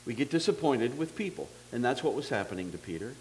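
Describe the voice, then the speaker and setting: A man's voice: mid-range voice, big pitch swings, quick pace, a little hiss or hum, low-quality recording. A man preaching a sermon as pastor, in a conversational, folksy manner with self-deprecating humor, acting out the dialogue of the story.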